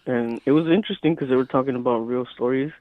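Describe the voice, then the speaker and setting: A man's voice: mid-range voice, fast, dry recording, narrow, tinny audio. A man guest on a podcast, chatting in a laid-back way in casual conversation.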